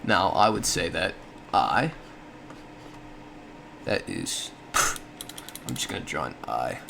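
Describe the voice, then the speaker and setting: A man's voice: low-pitched, very animated, takes it slowly, vocal fry, fairly bright tone, a little hiss or hum. A man giving a casual explanatory monologue, thinking aloud with frequent self-corrections and small laughs. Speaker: solo podcast host.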